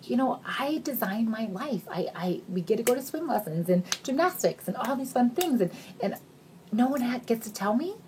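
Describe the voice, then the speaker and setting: With a little background noise behind her, a thirtysomething sales recruiter pours out an emotional, gushing pitch, sometimes close to crying. She keeps saying "you guys," her voice climbing in excitement and then dropping almost to a whisper.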